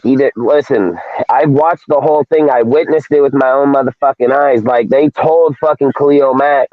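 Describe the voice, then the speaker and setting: A man's voice: mid-range voice, no room sound. A man hosting a casual sports talk show, ranting heatedly with a lot of swearing. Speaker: podcast host. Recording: dry tinny phone-like audio.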